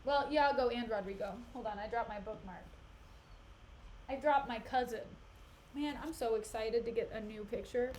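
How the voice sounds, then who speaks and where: A woman streamer casually retelling a play in a chatty, animated way. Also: on the high side, normal speed, slight background noise. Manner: animated, chatty, laughs often.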